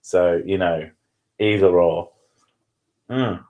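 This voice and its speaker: A man's voice: deep voice, slow, warm tone, dull audio. A man, hosting a live stream from his living room with crude, self-mocking banter. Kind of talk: casual live-stream chat.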